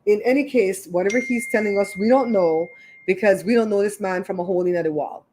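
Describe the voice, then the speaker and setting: A woman's voice: mid-range voice, a little fast, darkish tone. A woman hosting her own livestream, chatting casually and retelling a neighborhood story with lots of asides. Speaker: show host.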